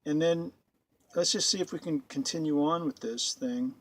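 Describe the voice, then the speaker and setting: Recorded at home, a man with a fairly high voice comments on a video at a moderate pace as a YouTube commentator. He keeps making sarcastic, disbelieving remarks and frequently repeats himself.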